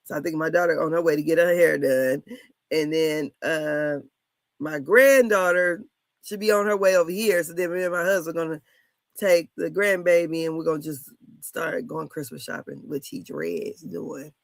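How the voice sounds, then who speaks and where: Woman, 50s, reality TV commentator; casual, blunt, gravelly, laughs a lot. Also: low voice, normal speed, dry recording. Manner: candid, laughing, blunt with cussing. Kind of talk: casual chat.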